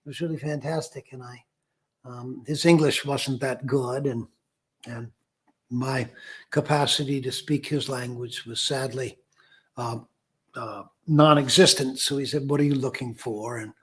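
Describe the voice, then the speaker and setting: A man's voice: mid-range voice, steady tone, measured pace. An older man hosting his own show, chatting casually to the camera in a rambling, self-deprecating way with many fillers. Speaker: host. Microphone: camera mic.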